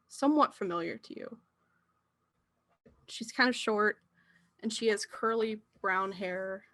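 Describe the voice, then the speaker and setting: A woman's voice: mid-range voice, a bit bright. A woman narrating a tabletop role-playing game as game master, with hesitant phrasing and frequent fillers.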